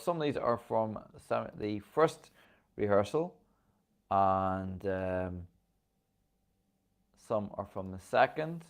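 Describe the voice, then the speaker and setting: Man, Northern Irish accent, low-pitched, casual host chat, keen, filler-heavy. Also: a little mellow. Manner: enthusiastic and chatty, with frequent ums.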